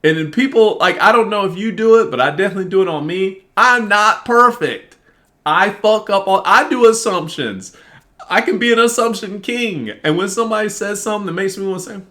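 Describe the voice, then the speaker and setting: Man, casual venting monologue, bright voice, lively swooping pitch, profane, acts out both sides of an argument. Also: normal speed. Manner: animated, profane, reenacts arguments. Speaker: vlogger.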